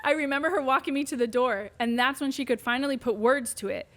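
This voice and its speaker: Animated woman telling a patient story. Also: high voice, fast. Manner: animated, acts out quoted voices. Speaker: pelvic physical therapist, guest. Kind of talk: conversational storytelling interview.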